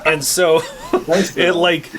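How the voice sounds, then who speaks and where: A man's voice: fairly high pitch, little pitch movement, drawn-out words, a loud crowd, rough recording. A man hosting a podcast, reminiscing with old friends in a rambling, filler-heavy way. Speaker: podcast host. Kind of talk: casual podcast chat.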